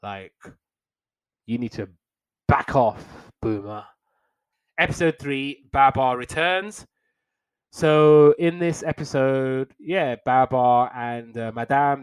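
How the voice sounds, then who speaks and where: A young man with a middle-pitched voice retells a cartoon episode in a loose, conversational recap. He drops wry, slangy asides and slips briefly into quick put-on voices for the characters he quotes. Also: clear, resonant tone, rough recording. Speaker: podcast host reviewing old cartoons.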